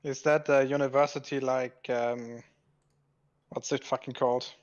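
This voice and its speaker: A man telling dark jokes in a dry, deadpan way during a group commentary. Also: mid-range voice, a little slow, dull audio. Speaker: video commentator.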